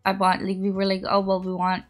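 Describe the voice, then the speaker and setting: A young woman streaming, chatting casually and rambling through a story, with high squeals when she greets viewers. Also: completely flat delivery, fairly quick, faint music behind. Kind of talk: casual chat.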